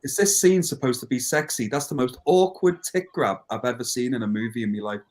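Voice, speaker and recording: A man's voice: mid-range voice, a little mellow. A man in a casual movie-watching chat, making wry, jokey remarks. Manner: wry, jokey, drops into quick impressions.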